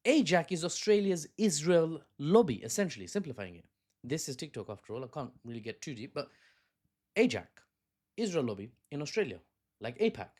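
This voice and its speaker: A man giving casual political commentary, conversational, often correcting himself and adding joking asides. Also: on the high side.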